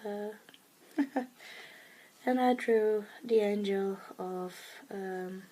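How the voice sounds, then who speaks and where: Soft, slow-spoken Dutch woman. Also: mid-range voice, poor audio. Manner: soft-spoken, often slipping into a whisper; hesitant, full of fillers. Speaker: craft vlogger. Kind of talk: casual show-and-tell vlog.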